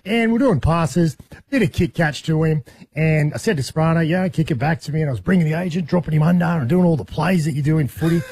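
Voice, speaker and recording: A man's voice: on the high side, fast, darkish tone, breathy edge. An Australian man on a radio show, telling a rambling story and laughing through it in casual chat. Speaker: radio show regular reporting from abroad.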